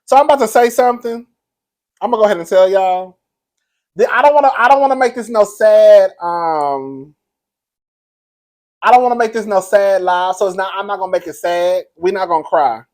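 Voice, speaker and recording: A man's voice: high voice, a little fast, darkish tone. A man hosting a casual live stream, chatty and campy, laughing often, grieving a loss. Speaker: commentary channel host.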